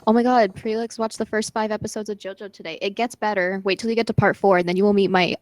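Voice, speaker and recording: A woman's voice: mid-range voice, quick pace, dry recording, low-quality recording. Teasing young American woman, playful. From United States. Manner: teasing, playful, deadpan jokes. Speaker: co-host on a game stream. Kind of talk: casual chat.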